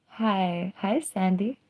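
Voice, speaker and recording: A woman's voice: mid-range voice, a little mellow, husky. A young woman hosting a casual livestream, chatting in a drawling, sardonic way that mixes jokes with confessions. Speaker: livestream host.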